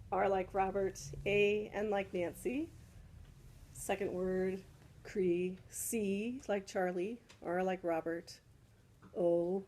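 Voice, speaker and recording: Hosting a relaxed group salon, a spiritual teacher explains ideas with patience and keeps asking "right?" to check in. Her voice has a medium pitch and a warm tone, though the recording quality is low.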